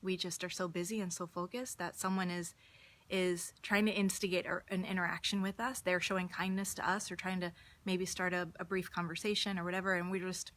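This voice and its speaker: A woman hosting a live stream, giving an earnest, casual motivational talk and telling personal stories, often restarting her words. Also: lowish voice. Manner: earnest, warm-hearted, restarts words, storytelling.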